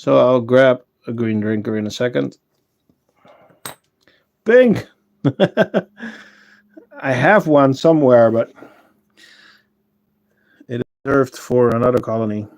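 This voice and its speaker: A man hosting a casual livestream, chatting with viewers and answering their comments, unhurried and full of fillers and self-corrections. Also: medium pitch, lively intonation, gravelly, darkish tone, dull audio. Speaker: ant-keeping channel host and shop owner.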